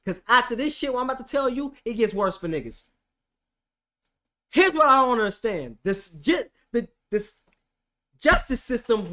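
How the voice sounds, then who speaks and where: With an extremely high pitch, normal speed, and frequent pauses, a man streamer tells a comedic story about his day in court. He's animated and profane, switching between loud outbursts and hushed asides.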